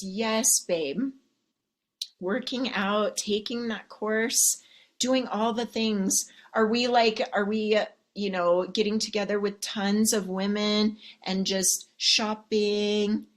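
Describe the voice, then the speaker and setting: Woman life coach, unhurried delivery, sassy and teasing, live-stream pep talk. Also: mid-range voice, fairly even intonation. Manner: sassy, teasing, profane, keeps asking "okay?".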